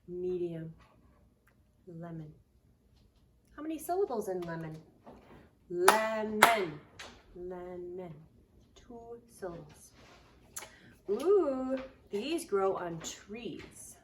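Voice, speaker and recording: Woman, daycare teacher; lively, swooping pitch, exaggerated sing-song delivery for toddlers. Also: a little hiss or hum. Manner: slow, sing-song, exaggerated for small children; drops to soft whispers for surprise. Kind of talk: preschool lesson to camera.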